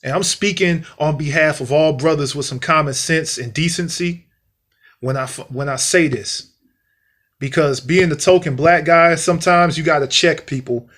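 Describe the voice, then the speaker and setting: A man delivering a blunt, profanity-heavy rant straight to the camera. His voice sits on the higher side and sounds bright and forceful, and he hammers his points home by repeating them. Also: normal speed. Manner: blunt, heavily profane, repetitive emphasis. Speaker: vlogger. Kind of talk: ranting monologue.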